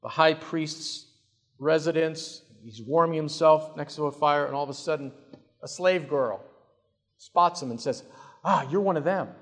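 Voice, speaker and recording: A male preacher with a fairly high voice tells the story dramatically, swinging between hushed and loud. He speaks slowly and deliberately, and his voice carries through a hall with a long reverb. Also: soft background music. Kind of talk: sermon.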